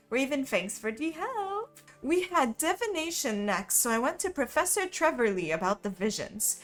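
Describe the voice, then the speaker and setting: A woman's voice: fairly high pitch, sing-song, moderate pace, fairly bright tone, soft background music. A woman streamer reading a fanfiction aloud in a comedic dramatic style, amused and often laughing.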